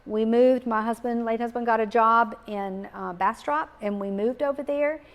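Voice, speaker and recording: Middle-aged woman, a touch high, earnest grief talk, slow and reflective with repeated lines. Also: fairly even intonation. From Texas. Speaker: speaker on grief. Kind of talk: gentle spoken talk on grief. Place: live talk in a community setting.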